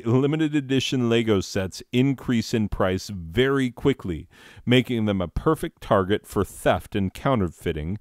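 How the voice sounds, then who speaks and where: A man's voice: medium pitch, a little mellow, dry recording, clean studio sound. A man presenting a mock year-in-review with sarcastic, rambling, exasperated rants. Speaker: comedy video host.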